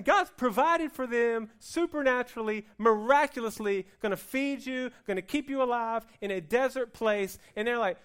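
Male pastor, high voice, dramatic sermon delivery, acts out the complaints in a whiny tone. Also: normal speed, hardly any pauses, clean tone. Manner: animated preaching, swings from loud to hushed; plays out the people's complaints in a whiny voice.

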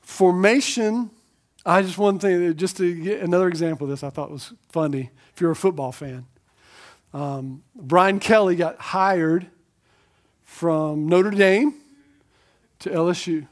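A man's voice: sits high, unhurried. A man preaching a sermon as pastor, emphatic, asking rhetorical questions, repeating key lines and tossing conversational asides to the congregation.

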